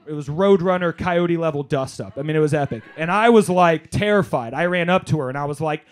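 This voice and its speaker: A man doing a stand-up comedy set on a club stage, telling animated stories, working the crowd and shouting some punchlines. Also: a little high, a little fast.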